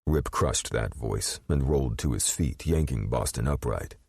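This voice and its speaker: Very deep, gravelly male narrator. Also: moderate pace, a little mellow, dry recording, clean studio sound. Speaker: audiobook narrator. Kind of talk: scripted audiobook narration.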